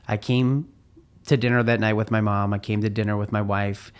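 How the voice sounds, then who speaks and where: A man's voice: fairly low pitch, fairly even intonation, normal speed, clean tone. Man, middle-aged, podcast host, earnest, heartfelt, personal storytelling, frequent restarts.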